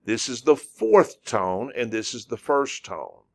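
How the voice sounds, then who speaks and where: A man gives a relaxed spoken lesson in a middle-pitched voice, slowly drawing out and repeating single syllables. He pauses often with "uh" while he finds his words. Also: vocal fry. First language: English. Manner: repetitive, drawn-out demonstrations of syllables with frequent fillers. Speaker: language teacher.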